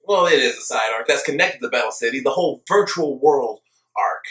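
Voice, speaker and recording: A man's voice: mid-range voice, lively intonation, brisk, a bit bright, roomy sound, poor audio. A young man giving a casual, sarcastic and exasperated ranting commentary as an anime reviewer, with emphatic delivery.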